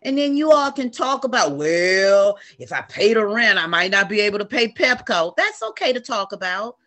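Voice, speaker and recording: A middle-aged woman telling a story in an animated, preaching way to a group on a video call. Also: medium pitch, normal speed. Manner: animated, preachy, uses y'all.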